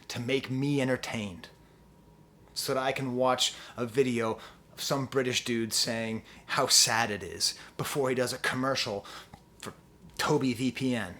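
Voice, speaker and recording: A man's voice: mid-range voice, moderate pace, fairly bright tone. A man reviewing an album on his channel, ranting with sarcastic rhetorical questions and growing impassioned. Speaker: music reviewer.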